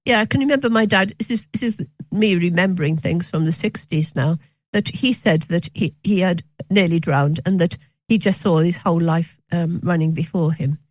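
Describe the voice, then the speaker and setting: A woman's voice: lowish voice, normal speed, no room sound, rough recording. Hesitant woman in her sixties. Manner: hesitant with many ums and restarts, wry. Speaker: physician and author, guest. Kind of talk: conversational storytelling interview.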